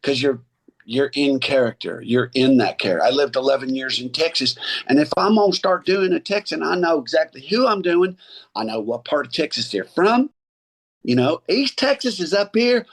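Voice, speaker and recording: A man's voice: fairly high pitch, moderate pace. A middle-aged actor and acting coach chatting casually as a podcast guest, rambling and restarting as he tells stories. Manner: rambling, restarts often, animated storyteller.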